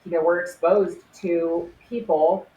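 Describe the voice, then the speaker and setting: A woman in her forties who used to be a crime scene investigator tells stories earnestly in a conversational interview, laughing easily. Her voice is lowish and warm, with fairly even intonation and a measured pace. The recording has a roomy echo, faint ambience, and a slight hiss or hum.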